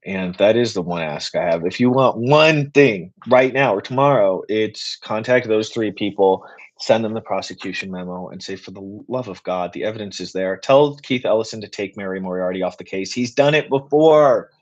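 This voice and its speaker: Passionate man on a dull lo-fi stream. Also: on the low side. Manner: passionate, rapid, rambling. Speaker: political writer and activist host. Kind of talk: live Q and A stream.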